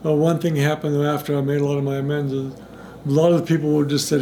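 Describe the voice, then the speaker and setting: A man's voice: a little high, little pitch movement, fairly quick, gravelly, mellow, slight background noise. A middle-aged man telling a personal recovery story in a rambling way, full of restarts and acted-out dialogue. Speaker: interviewee in recovery.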